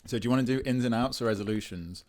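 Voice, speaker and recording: A young man co-hosting a podcast in playful, jokey casual chat with quick asides. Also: mid-range voice. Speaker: podcast co-host.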